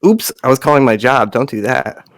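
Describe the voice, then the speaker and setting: Gravelly-voiced man with a Western Massachusetts accent. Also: medium pitch, lively intonation, normal speed, no room sound. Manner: joking, rambling, wry asides. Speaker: podcast co-host. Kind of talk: casual comedy podcast chat.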